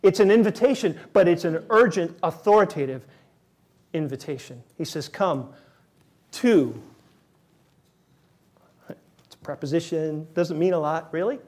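A man's voice: a little high, moderate pace, a little mellow. A man preaching a sermon as pastor, conversational and emphatic, repeating key words for stress.

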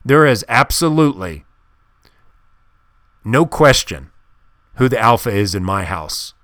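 A man's voice: on the low side, sing-song, a little slow, a bit bright, no room sound, studio quality. A man hosting a podcast, talking in an emphatic and insistent way as he gives advice on dog training. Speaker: podcast host. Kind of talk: casual monologue.

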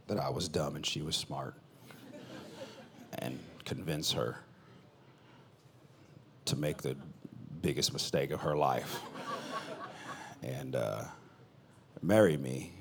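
A man who is a pastor, preaching a sermon in a conversational way, swinging between loud bursts and quiet asides. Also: low-pitched, a little hiss or hum.

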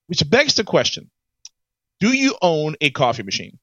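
A man's voice: fairly high pitch, huge pitch swings, moderate pace, sharp tone, dry recording, highs cut off. A man co-hosting a casual podcast chat, teasing his partner with questions and laughing easily. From Florida. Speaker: podcast co-host.

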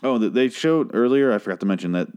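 A man recapping a TV episode in a casual, rambling way, swearing freely, and jumping into high-pitched impressions of the characters. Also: lively intonation, fast, darkish tone, clean tone. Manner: rambling, profane, restarts a lot; mimics characters in a raised voice.

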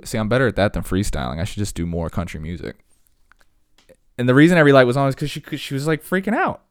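A man's voice: medium pitch, lively intonation, fast, clean tone, dry recording. A man talking casually, rambling through stories with lots of fillers and asides.

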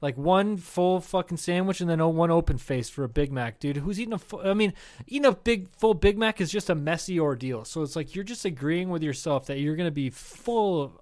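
Swearing, rambling male co-host, slightly higher voice, loose casual chat. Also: a little fast, darkish tone. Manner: rambling, profane, keeps saying dude. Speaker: podcast co-host.

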